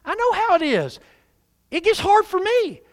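A man preaches a sermon as pastor, with an animated call-and-response delivery. His voice is high for a man and leaps up and down in pitch. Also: moderate pace.

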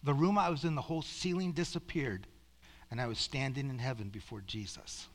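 A man giving an earnest testimony to a congregation as a preacher, often slowing into hushed near-whispers. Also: mid-range voice, big-room sound.

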